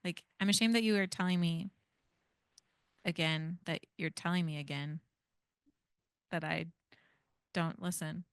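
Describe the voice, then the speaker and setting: A woman's voice: fairly low pitch, fairly even intonation, unhurried, pauses often, clear, resonant tone, dry recording. A woman in her thirties leading an interactive parenting workshop in a casual, chatty way, often adding "like" and "right?". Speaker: parenting educator leading a training.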